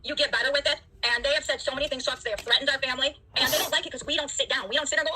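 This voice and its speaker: A woman in a played clip rants defiantly and taunts someone who is listening. Her voice is high and sharp. She talks at a very fast clip. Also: a little hiss or hum. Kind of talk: confrontational livestream rant.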